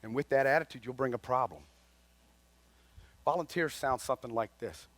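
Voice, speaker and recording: A man preaching a folksy, conversational sermon, swinging between loud and quiet. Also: mid-range voice, normal speed. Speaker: lay speaker at a chapel.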